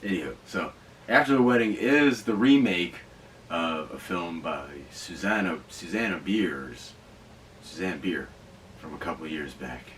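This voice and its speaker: A man hosting a podcast, rambling excitedly and swearing through casual riffs. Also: deep voice, unhurried, far from the mic, a little hiss or hum, low-quality recording. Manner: excitable, profane, rambling with asides. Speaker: podcast host reviewing movies. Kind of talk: casual riffing commentary.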